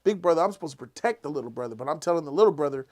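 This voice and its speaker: Man, show host, casual chat, slightly high voice, animated storytelling, acts out lines. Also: very fast.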